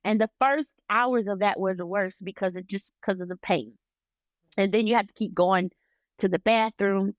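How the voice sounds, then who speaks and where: A woman in her thirties co-hosting a podcast, telling a personal story in an emphatic, animated way. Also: mid-range voice, moderate pace, no room sound, lo-fi sound. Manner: animated, emphatic, acts out dialogue. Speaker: podcast co-host. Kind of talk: personal storytelling in casual chat.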